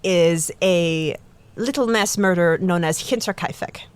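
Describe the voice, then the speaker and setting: A woman's voice: fairly low pitch, measured pace, clear, resonant tone. A woman co-hosting a casual true-crime podcast, chatty and self-deprecating, laughing often. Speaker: podcast co-host.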